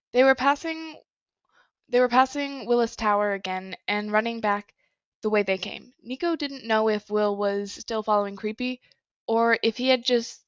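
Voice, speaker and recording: A woman reading a story aloud in a plain, even manner with small slips. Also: fairly high pitch, no echo, dull audio. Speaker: story reader. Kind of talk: reading fan fiction aloud.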